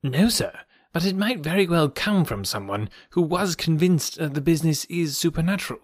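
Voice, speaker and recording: A man reading aloud and voicing an excitable, earnest country doctor in a raised, eager voice. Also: normal speed, dry recording, studio quality. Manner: eager, astonished, higher and brighter than the narration.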